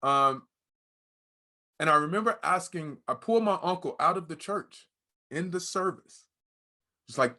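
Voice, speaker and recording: A man with a rather high, bright and forceful voice shares a candid personal story as a guest. He talks in an open conversational way. He slips into the voices of the people in his story as he goes. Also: lively intonation, unhurried, pauses often. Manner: candid, emotional, acts out quoted dialogue.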